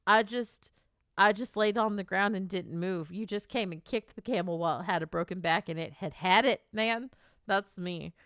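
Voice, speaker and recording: A woman author chatting live on her stream, excitable and swearing freely, repeating herself as she talks to viewers. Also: medium pitch, normal speed, no room sound, clean studio sound. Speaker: livestreamer and author. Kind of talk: casual live stream chat.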